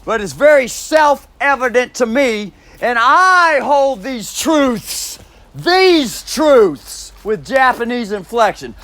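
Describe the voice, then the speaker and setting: Male, very high voice with a wide swing; slow, profane, emphatic solo monologue full of repeated phrases. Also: lively intonation, bright, forceful tone, no room sound. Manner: stresses single words, plays with inflection.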